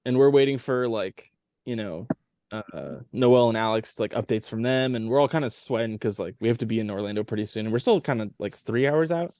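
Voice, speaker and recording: A man's voice: lowish voice, a little fast, a little mellow, no echo. Rambling male podcast guest, dry sound. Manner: rambling, many "like" fillers. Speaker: touring band member, podcast guest. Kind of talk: casual storytelling chat.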